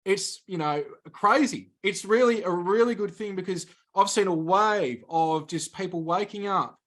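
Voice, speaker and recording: A man speaks as a guest on a talk show, answering in a measured, explanatory manner. His voice is pitched somewhat high for a man, and he builds his points step by step. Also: fairly bright tone. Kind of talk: spiritual interview talk.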